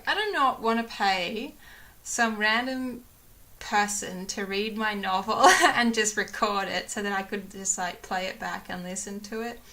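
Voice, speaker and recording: Young woman vlogger, bright voice, rambling chatty delivery with plenty of fillers. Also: medium pitch. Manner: rambling, lots of fillers and restarts, laughs often. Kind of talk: casual chat to camera.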